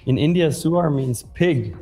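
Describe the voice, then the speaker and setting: A man's voice: on the high side, expressive, a little slow, warm tone, slightly rough, soft background music. A man co-hosting a live stream, joking around, laughing and reading the chat aloud. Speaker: livestream co-host.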